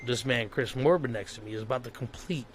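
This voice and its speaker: A man's voice: mid-range voice, quick pace, a little hiss or hum. A man hosting a casual podcast, joking with his guest in loose, playful banter. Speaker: podcast host.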